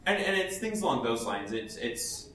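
A man's voice: mid-range voice, sing-song, moderate pace, fairly bright tone. A man giving blunt, chatty advice to an audience as a professional cosplayer, laughing often and restarting his sentences. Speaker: professional cosplayer speaking at a panel. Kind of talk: casual advice talk to an audience. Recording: echoey hall, voice from far off, faint ambience.

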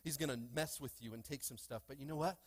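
A man with a slightly high voice preaching a lively sermon in a church. He keeps calling out to the congregation and breaking into playful, joking asides. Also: fast. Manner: energetic call-and-response preaching, playful asides. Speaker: pastor. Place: church sanctuary.

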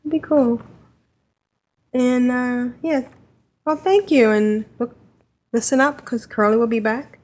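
Woman, slightly high voice, casual chatty co-host. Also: steady tone, takes it slowly, pauses often, a little mellow. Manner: chatty, hands over to co-hosts. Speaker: podcast co-host. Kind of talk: casual chat.

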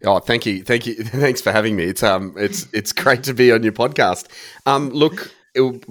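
A man's voice: medium pitch, normal speed, a bit bright, no room sound, studio quality. An Australian man, a company founder guest, talking casually and jokily in a podcast interview.

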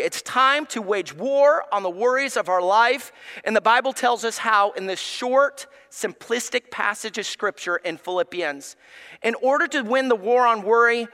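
Man, pastor, sermon, emphatic, high voice, long church reverb. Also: sharp tone. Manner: emphatic, preacherly, addresses congregation. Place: church sanctuary.

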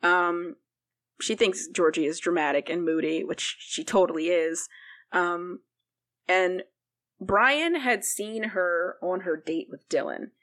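A woman's voice: fairly low pitch, slow, fairly bright tone. A woman co-hosting a podcast, recapping a TV show in casual chat, rambling with lots of "like" and "um". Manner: rambling, full of "like" and "um" fillers. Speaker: podcast co-host.

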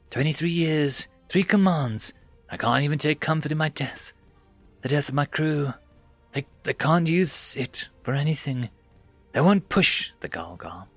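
A man's voice: fairly high pitch, moderate pace, dry recording, faint music behind, natural voice. A man voicing a stern, veteran woman starship captain who barks orders at her crew. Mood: despairing.

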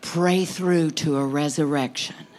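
Impassioned woman preacher, slow delivery. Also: sits low, fairly even intonation. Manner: impassioned, with big swings between near-whispers and loud cries. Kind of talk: conference sermon.

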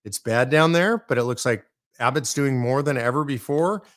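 A man's voice: medium pitch, moderate pace, a bit bright, no echo, studio quality. Emphatic man on a politics show. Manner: emphatic, repeats points, addresses listeners directly. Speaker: show host. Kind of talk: political commentary monologue.

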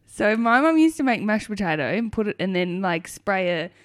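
A woman's voice: mid-range voice, moderate pace. A pregnant woman co-hosting a casual chat, swearing and laughing as she tells stories. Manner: swearing, laughing, animated storyteller. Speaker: podcast co-host.

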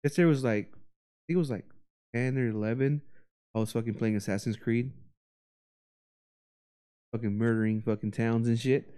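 A man's voice: medium pitch, moderate pace, long pauses, clear, resonant tone. A young man telling a story in casual chat, laid-back and swearing freely. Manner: laid-back storytelling, swears a lot, acts out quotes loudly.

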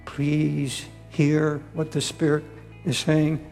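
An older man preaching a sermon, pleading slowly and repeating words as he appeals to listeners. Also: a little high, completely flat delivery, creaky, a little mellow, long reverb tail, faint music behind.

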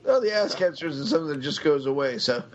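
A man's voice: fairly high pitch, animated. A man hosting a casual podcast, joking and swearing, with lots of fillers and restarts. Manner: joking, profane, halting with fillers. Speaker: podcast host. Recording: dull lo-fi sound.

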